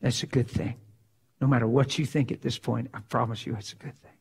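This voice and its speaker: A man preaching a sermon, emphatic and dramatic, swinging from loud to hushed. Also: mid-range voice, fairly even intonation, fairly quick, gravelly, breathy edge.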